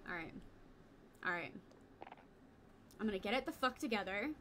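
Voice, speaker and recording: A young woman streaming a video game, chatting casually with viewers, excitable and quick to swear and yell in frustration. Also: mid-range voice, slight background noise. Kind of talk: casual live-stream chat while gaming.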